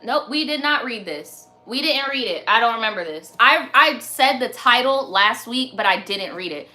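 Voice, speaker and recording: A woman's voice: fairly high pitch, lively intonation, normal speed, pushed and bright. A young woman hosting a live stream, reading viewer stories in a chatty, slangy way, laughing and swearing often. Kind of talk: casual chat.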